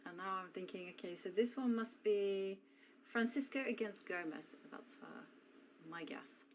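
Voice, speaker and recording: A woman commentating live on a chess tournament, describing the games in a measured way with frequent hesitations. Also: medium pitch, slight background noise, low-quality recording. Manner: measured, hesitant with many fillers.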